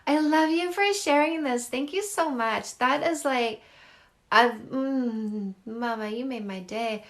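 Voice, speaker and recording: This middle-aged Canadian woman coaches dating and runs a phone live stream, chatting quickly and casually while gushing over comments from viewers. She speaks in a fairly bright voice on the high side, effusive and chatty.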